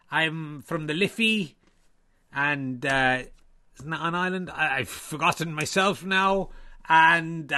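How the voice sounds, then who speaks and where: Man putting on a jovial stage-Irish snooker guy, fake accent, slow rambling blarney, bit high. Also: sharp tone, clear, resonant tone.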